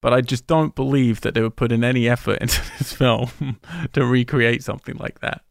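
A man's voice: medium pitch, level tone, brisk, vocal fry, dry recording. A man co-hosting a podcast, chatting casually and wryly about a movie, with dry humor and the odd swear. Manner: wry, sweary, scrubbing through footage while talking. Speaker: podcast co-host. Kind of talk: casual movie commentary chat.

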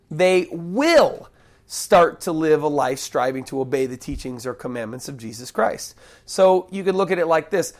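A male pastor delivers a sermon in a slightly higher-than-average voice roughened by gravelly fry. He prays in an earnest, hushed way, then teaches in a folksy tone. He drags out key phrases for emphasis. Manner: folksy, with small jokes and restarts. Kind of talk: sermon with opening prayer.

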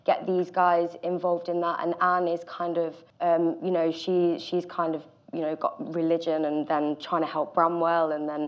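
A woman actor in a panel discussion speaks in a lowish, flat voice. She hesitates and leans on fillers as she explains her thinking. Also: normal speed, few pauses, muffled recording.

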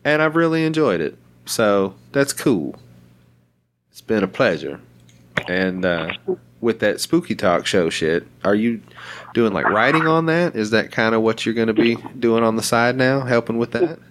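A low-voiced man hosts a relaxed podcast conversation. He talks bluntly, swears freely and laughs between thoughts. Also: moderate pace, a little hiss or hum. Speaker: podcast host. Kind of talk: casual chat.

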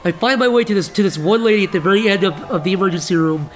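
Young male co-host, high voice, rapid and excitable, faint music bed. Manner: fast, excitable, swearing. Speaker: podcast co-host. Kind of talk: casual chat.

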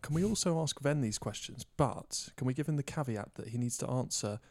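A man's voice: mid-range voice, fairly quick, a little mellow. A man hosting a casual podcast quiz, playful and teasing as he reads out the questions. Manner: playful, laughs often, teasing. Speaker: podcast host, quizmaster.

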